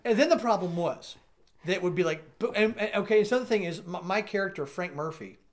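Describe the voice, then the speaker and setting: A podcast guest actor with a high voice briskly tells a funny story about a film shoot. He's animated, laughing often and acting out the voices of the people he quotes.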